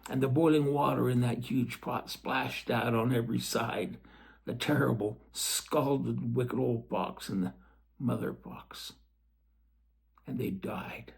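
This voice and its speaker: Slow, gravelly male storyteller. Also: medium pitch, steady tone. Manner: gentle, with chatty asides to the listener. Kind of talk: storybook read-aloud.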